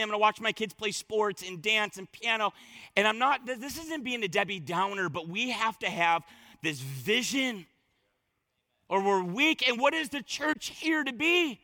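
A pastor delivers a sermon in a strikingly high, bright man's voice. He hammers his points with repetition and jumps between loud emphatic bursts and quiet asides. The sound is dry and close, with no room around it. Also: normal speed, no echo. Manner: emphatic, repeats words and phrases for stress.

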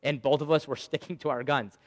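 A man in his thirties preaching a sermon, telling a personal story with loud bursts and quiet asides. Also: fairly high pitch, steady tone, fairly quick, in a large hall. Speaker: pastor.

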